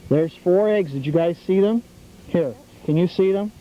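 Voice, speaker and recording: A man's voice: high voice, normal speed. A middle-aged man hosting an outdoor nature show, coaching a group of scouts in a teacherly, enthusiastic way, recorded outdoors. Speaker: TV host leading scouts on a nature walk. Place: outdoors at a birdhouse trail. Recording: dull 1990s public access TV audio with faint noise.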